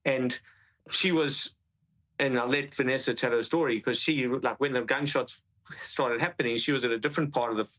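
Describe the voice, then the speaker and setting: A man recounting his experience in an interview, halting and repeating himself as he speaks. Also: medium pitch, fairly even intonation, fairly bright tone, low-quality recording. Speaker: witness describing an attack. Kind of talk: interview account.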